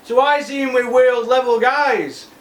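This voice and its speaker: A man's voice: extremely high pitch, normal speed, roomy sound. A man hosting a boxing vlog, blunt and scornful, firing off rhetorical questions. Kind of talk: ranting monologue.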